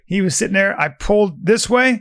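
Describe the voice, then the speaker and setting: A man's voice: high-pitched, lively intonation, fairly quick, a bit bright, dry recording, clean studio sound. A man telling blunt, profane stories in a casual podcast chat. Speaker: podcast host.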